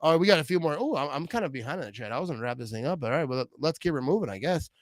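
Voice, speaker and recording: Excitable man, fairly high voice. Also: racing, no echo. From Wisconsin. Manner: excitable, slangy, says "bro" and "you know what I mean" a lot. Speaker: show host reading fan messages. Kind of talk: casual sports talk show.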